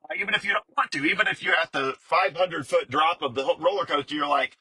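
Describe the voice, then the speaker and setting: Bright, husky-voiced man explaining casually. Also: on the high side, fast talker, hardly any pauses, dry recording, rough recording. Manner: conversational, repetitive, many fillers and restarts. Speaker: bitcoin commentator.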